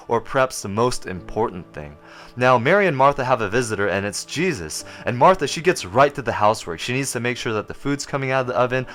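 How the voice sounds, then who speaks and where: A man's voice: medium pitch, fairly bright tone. Earnest man giving a devotional. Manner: earnest, conversational, with fillers. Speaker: vlog host giving a devotional. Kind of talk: short devotional talk to camera.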